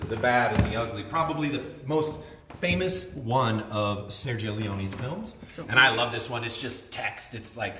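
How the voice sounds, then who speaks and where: A man's voice: mid-range voice, bright, forceful tone. Enthusiastic man giving a gallery tour. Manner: chatty, enthusiastic about art. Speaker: gallery host. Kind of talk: casual live-stream gallery tour. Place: art gallery indoors. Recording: echoey room with faint noise.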